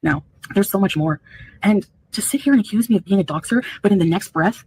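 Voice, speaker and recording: Fast indignant woman from Canada. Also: mid-range voice, a little mellow, slight background noise, rough recording. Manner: indignant, rapid, defensive. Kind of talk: defensive live-stream talk.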